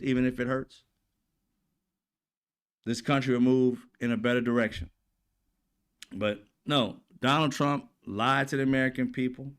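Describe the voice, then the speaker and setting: A man's voice: medium pitch, clear, resonant tone. A man hosting his own commentary channel, delivering a heated, profane political rant. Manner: profane, fired up, repetitive.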